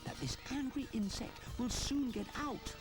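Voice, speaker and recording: A British storyteller voicing a small, eager, polite boy bear in a storybook video, with excited high cries. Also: unhurried, over music, lightly acted.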